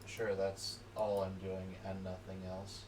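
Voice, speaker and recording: A man's voice: deep voice, monotone, slow pace, distant mic, noisy background. A man bantering with a friend at home, cocky and crude, joking around. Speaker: streamer's friend. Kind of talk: casual banter. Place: same home as host.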